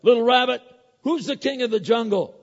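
A man voicing a boastful, bullying male lion in a told story, with loud blustering taunts. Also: extremely high pitch, lively intonation, fairly quick, voice pushed up, full character voice. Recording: echoey hall, dull lo-fi sound.

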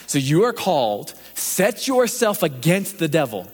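A young adult man preaching a sermon, mixing scripture with a funny story and building to energetic emphasis. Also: fairly high pitch, unhurried, slightly rough, in a large hall. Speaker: pastor.

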